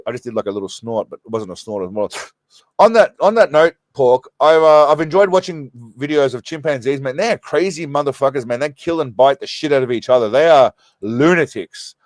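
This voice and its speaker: This Australian streamer talks from a small room in a slightly high voice, captured in a dry recording. He keeps things casual, laughing and rambling through thanks to viewers while drifting off on tangents.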